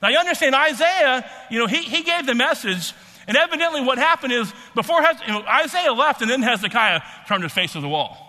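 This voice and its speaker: Male preacher, very high and bright tone, halting delivery, long hall reverb. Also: lively intonation. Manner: halting, repeats words, many fillers. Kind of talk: sermon.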